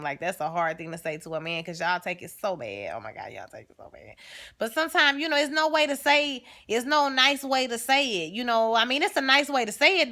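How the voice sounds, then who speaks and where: A young woman vlogger giving a sassy, animated, chatty recap of a TV episode. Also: mid-range voice.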